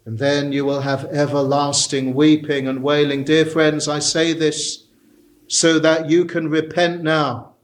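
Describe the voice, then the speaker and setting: A male preacher delivering a sermon at a slow, deliberate pace. His voice sits a little high for a man, and he lifts it further when he pleads. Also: flat delivery, slight background noise. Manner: earnest, slow and emphatic, rising in pitch for pleading passages.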